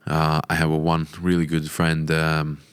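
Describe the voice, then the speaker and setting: A man with a Latvian accent, hosting a casual podcast interview in halting, hesitant speech. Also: rumbling low, monotone, clear, resonant tone, dry recording. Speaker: podcast host.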